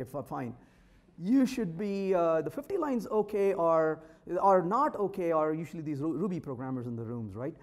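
A man speaking to a live audience at a meetup, his voice leaping up and down with lively, sing-song pitch. He teases the crowd with wry jokes and keeps firing questions at them. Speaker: conference speaker. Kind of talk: humorous technical talk to a live audience. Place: meetup room.

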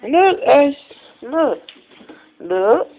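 A woman films her puppy on a phone and coos at it in slow, sing-song baby talk. Her voice sits high and swoops around a lot. She drags out every praise. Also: big pitch swings, phone-quality sound, slight background noise. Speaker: dog owner. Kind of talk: casual phone video talking to her puppy.

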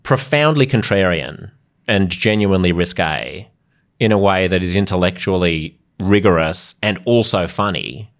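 A middle-aged man hosting a podcast interview, articulate and animated in casual talk. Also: sits low. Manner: articulate, animated, quick to laugh. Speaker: podcast host.

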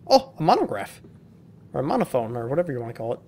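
A man's voice: mid-range voice, sing-song, fast talker, darkish tone. A young man doing let's-play commentary, casual and profane, sarcastically reading notes aloud.

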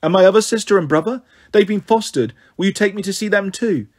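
A man's voice: high-pitched, quick pace, pitched above the performer's own voice. A man voicing an upset, defiant young schoolgirl who answers back sharply, in a storybook reading. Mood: anxious. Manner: hurt, sharp retorts.

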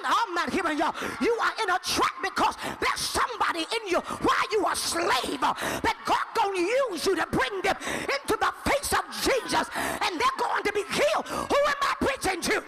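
A woman preacher giving an impassioned live sermon. She often shouts and repeats phrases rhythmically. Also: very high-pitched. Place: conference hall. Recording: noisy live hall recording.

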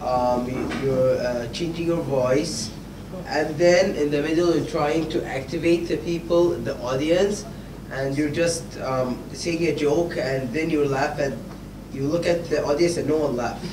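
A man's voice: a little high, a little slow. A man in the audience asking a question hesitantly, with many fillers. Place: lecture hall. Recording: distant, echoey, noisy room.

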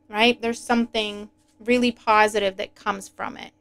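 A woman giving a casual, animated tarot reading, chatty and quick to laugh. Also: medium pitch, creaky, clean tone. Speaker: tarot reader.

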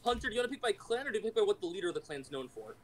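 A man's voice: high-pitched, very animated, racing, low-quality recording. A man at a tabletop game, reading out options plainly with uh fillers. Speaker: player. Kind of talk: casual game table chat.

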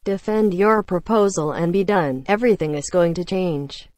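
A woman's voice: fairly low pitch, moderate pace, a little mellow, dry recording, close to an everyday voice. A woman voicing a stern teenage boy leader in a read-aloud story, with curt, commanding lines.

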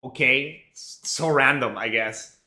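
A male streamer telling a rambling, profane story in a casual, animated way, full of fillers. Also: medium pitch, a little slow, roomy sound.

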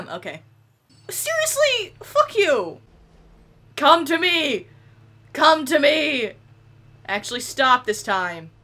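A young woman giving excitable let's play commentary, yelling and laughing at the game. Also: high voice, slow pace, pauses often. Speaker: gaming YouTuber.

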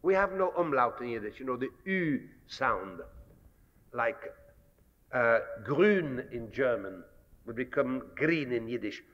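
A man giving a measured, scholarly public lecture, pausing often with fillers. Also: mid-range voice, lively intonation. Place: lecture hall. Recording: dull archival 1960s lecture recording with long hall reverb.

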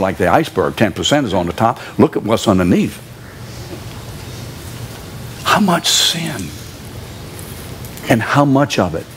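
A man's voice: medium pitch, slight background noise. A man in his seventies preaching a sermon in a church, driving his point home by repeating key words and throwing questions at the congregation. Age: 70s.

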